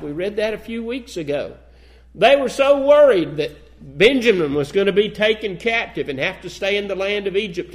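A man preaching a sermon, reading old-fashioned scripture aloud and then pressing his points with rising emphasis. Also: high voice.

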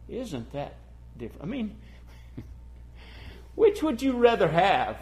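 A male preacher with a somewhat high voice delivers a sermon with passion. He builds to loud, emphatic declarations, then drops to a hushed, intimate tone, and keeps asking his listeners questions. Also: huge pitch swings, takes it slowly, slight background noise. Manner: asks the congregation rhetorical questions.

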